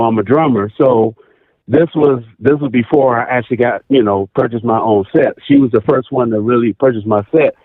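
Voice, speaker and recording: A man calling in to a radio talk show, telling a personal story in a casual, animated way and repeating phrases for emphasis. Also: medium pitch, dry recording. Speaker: caller. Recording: tinny phone line.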